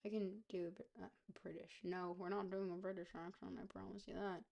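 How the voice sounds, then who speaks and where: A woman giving casual, playful gameplay commentary as a streamer, thinking out loud as she goes. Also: mid-range voice, level tone, a little fast, creaky. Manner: playful, thinks aloud, chatty.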